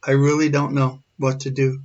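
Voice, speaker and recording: A man's voice: medium pitch, completely flat delivery, moderate pace, a little mellow. A man in his forties, shaken and earnest, telling a personal story. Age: 40s. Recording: dull lo-fi recording.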